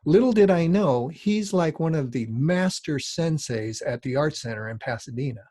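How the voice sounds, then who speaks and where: A man's voice: fairly high pitch, expressive, moderate pace, dark tone, no echo, studio quality. A middle-aged man, a design teacher, lecturing in a rambling, conversational way with frequent asides. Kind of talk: lecture with casual storytelling.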